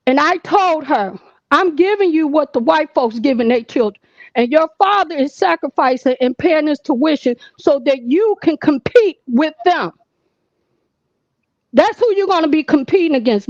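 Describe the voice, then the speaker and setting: A woman's voice: high voice, no echo, muffled recording. A woman in her sixties calling in to tell a long personal story in an earnest, emphatic, repetitive way. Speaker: caller.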